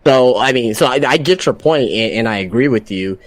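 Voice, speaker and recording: A man's voice: medium pitch, animated, brisk, no room sound. A man chatting casually on a wrestling podcast, rambling with lots of fillers and asking for agreement. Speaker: podcast guest.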